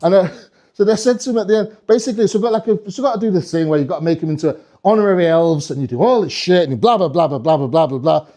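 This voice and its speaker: A male stand-up comedian with a fairly high voice tells a long story. He rambles, swears freely and keeps breaking off to restart his sentences. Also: quick pace, warm tone. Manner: rambling, sweary, self-interrupting.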